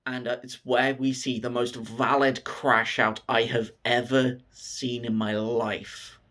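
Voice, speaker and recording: Man, casual film recap, swears freely, slow delivery. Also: mid-range voice. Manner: profane, excited storytelling. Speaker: film reviewer.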